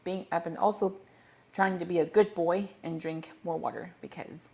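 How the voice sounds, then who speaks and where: A man's voice: fairly high pitch, steady tone, normal speed, creaky, dark tone. A man hosting a casual livestream Q&A into a desk microphone, rambling playfully and tripping over his words as he corrects himself. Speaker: livestream host.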